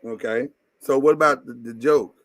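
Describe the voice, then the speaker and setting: A man's voice: medium pitch, steady tone, normal speed, no echo. Joking man hosting a stream, blunt, teasing, dry close sound. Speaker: host. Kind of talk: casual live-stream chat.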